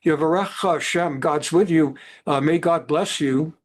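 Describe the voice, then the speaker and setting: A man teaching a Torah class over a video call, digressive and lively, sprinkling in Hebrew terms. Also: fairly high pitch, moderate pace. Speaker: rabbi teaching a Bible class.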